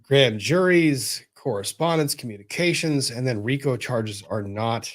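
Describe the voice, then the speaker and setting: A man's voice: mid-range voice, unhurried. A man hosting a casual online legal panel chat over a video call, wry and joking. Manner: wry, joking, talks to his dog in a soft voice. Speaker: show host.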